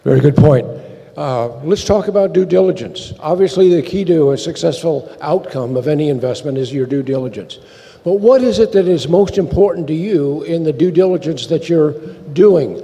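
A man moderating a panel discussion who asks brisk, structured questions. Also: a little high, vocal fry, mellow. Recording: long hall reverb.

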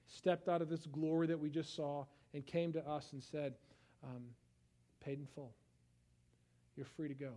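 A young man preaching a sermon in a conversational style, swinging from hushed tones to loud outbursts. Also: on the high side. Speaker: pastor.

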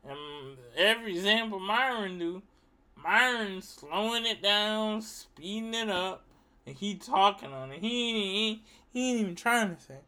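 A man's voice: high-pitched, lively intonation, measured pace, pushed and bright. A man giving a casual rant to his viewers, emphatic and profane, repeating himself for effect. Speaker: vlogger.

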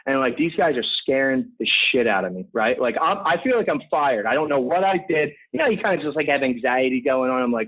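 A man in his thirties from Philadelphia, a podcast guest telling stories in an energetic, rambling way full of "you know" asides. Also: medium pitch, brisk, hardly any pauses, husky. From Philadelphia, USA. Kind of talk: conversational interview storytelling. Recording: tinny phone-like line.

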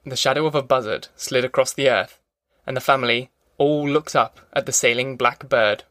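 A man narrates an audiobook from a script, reading in a measured, even way. His voice is medium in pitch, and the studio-quality recording has no echo.

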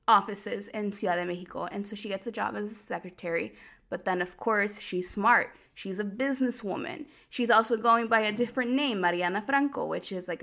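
A woman's voice: mid-range voice, vocal fry, bright, forceful tone. A woman hosting a podcast, chattily recapping a telenovela plot with lots of "like" and amused asides. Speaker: podcast host.

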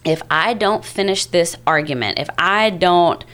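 A woman's voice: on the low side, unhurried, a bit bright. A woman, co-hosting a podcast and telling candid stories. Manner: candid, explains and tells anecdotes. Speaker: podcast co-host. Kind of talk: casual chat.

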